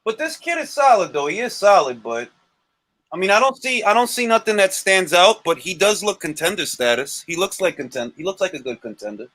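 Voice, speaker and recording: A man with a high, bright voice talks boxing on a casual livestream. His pitch swings widely and he repeats points for emphasis. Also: brisk, no echo. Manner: animated, repeats himself for emphasis. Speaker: boxing show co-host.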